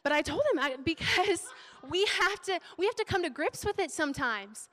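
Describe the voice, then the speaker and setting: A woman's voice: very high voice, animated, normal speed, fairly bright tone. A young woman giving a sermon in a chatty, emotional way. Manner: emotional, chatty, laughing preacher. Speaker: preacher. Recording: long hall reverb.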